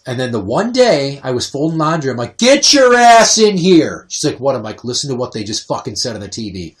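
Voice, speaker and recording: A man in his thirties hosting a podcast, telling crude stories and acting out what people said. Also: mid-range voice. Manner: profane, animated storytelling, acts out quotes. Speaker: podcast host. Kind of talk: crude casual chat.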